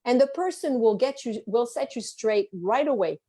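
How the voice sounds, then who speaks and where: A woman's voice: a little high, moderate pace, slightly rough. A French woman with a French accent, a travel writer chatting as a guest over a video call and acting out the people in her stories. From France. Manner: animated storyteller who acts out the people she quotes.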